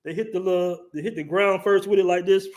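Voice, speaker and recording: A man's voice: high-pitched, steady tone, fast talker, a little mellow. A man hosting a casual livestream, reading chat comments aloud and laughing through his commentary. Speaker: livestream host.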